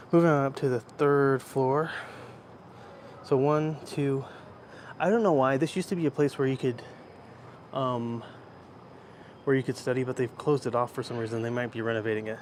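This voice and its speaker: A man's voice: medium pitch, steady tone, normal speed, pauses often, darkish tone, a little hiss or hum. Chatty man livestreaming on a phone. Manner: chatty, rambling, answers chat as he goes. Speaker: live-streamer. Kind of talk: casual live-stream chat while walking. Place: indoor library, then outdoor rooftop. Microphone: handheld phone.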